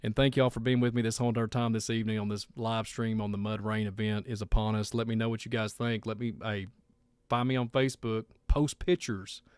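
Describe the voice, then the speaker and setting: A man's voice: lowish voice, little pitch movement, fairly quick, a little mellow, smooth, no room sound. A man hosting a live stream, rambling and heartfelt as he thanks viewers and signs off. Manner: rambling, heartfelt, repeats himself. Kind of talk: casual live stream sign-off.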